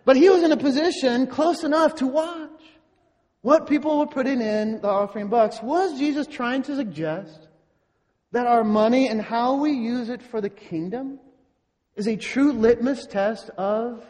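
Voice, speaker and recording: High-voiced preacher in a reverberant hall. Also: male voice, a little mellow. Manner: slow, deliberate preaching with rhetorical questions. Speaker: pastor. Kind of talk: sermon. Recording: long reverb in a large hall.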